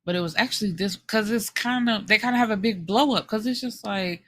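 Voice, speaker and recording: A woman hosting a book podcast, casually retelling a story in an animated, frank way, slipping into the characters' lines and swearing now and then. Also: medium pitch, a little fast, few pauses.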